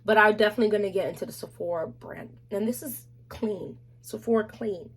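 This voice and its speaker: A woman chatting casually on camera about beauty products, animated and slangy, with playful asides to viewers. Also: medium pitch, fast, hardly any pauses, breathy edge. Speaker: beauty vlogger. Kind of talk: casual product review chat.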